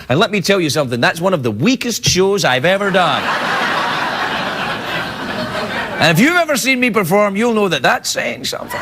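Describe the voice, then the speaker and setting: Jokey man with a lively, highish voice. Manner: rambling, self-mocking, jokey asides. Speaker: late-night talk show host. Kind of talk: comic monologue reading viewer emails. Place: TV studio with live audience. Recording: loud studio audience laughter and noise.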